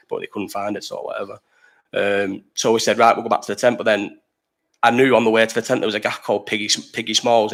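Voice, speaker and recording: A man's voice: lowish voice, fairly bright tone. A young man with a Liverpool accent who hosts a casual live chat and tells rambling, sweary stories while reading the chat aloud. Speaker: livestream host.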